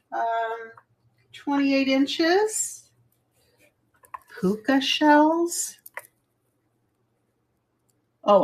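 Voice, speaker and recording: A middle-aged woman hosting a casual live jewelry sale, chatty and rambling, laughing at her own fumbles. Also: mid-range voice. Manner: chatty, rambling, self-deprecating. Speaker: live jewelry auction host. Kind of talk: casual live selling chat.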